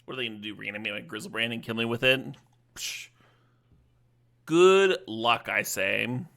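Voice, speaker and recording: A man's voice: medium pitch, moderate pace, gravelly, pushed and bright. A male streamer giving casual, playful live commentary on a card game, laughing often and chatting with his viewers.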